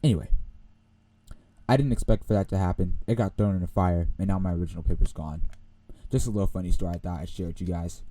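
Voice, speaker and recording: A young man hosting a podcast, telling a rambling, animated story and laughing often. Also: sits low, fast talker. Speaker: podcast host. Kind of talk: casual storytelling.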